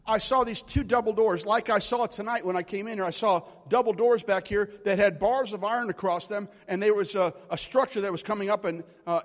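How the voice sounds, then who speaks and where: High-voiced preacher in an echoey hall. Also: male voice. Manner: storytelling, builds to loud exhortation. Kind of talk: charismatic sermon.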